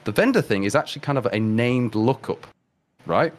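A man's voice: mid-range voice, lively intonation, moderate pace. A man with an English accent, a guest programmer explaining his work in casual technical chat, rambling with many restarts and fillers. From England.

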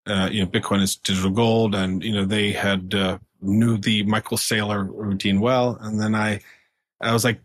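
A man as a podcast guest, telling a story in a chatty way, full of fillers and quick laughs. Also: on the low side, level tone. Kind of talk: casual storytelling in conversation.

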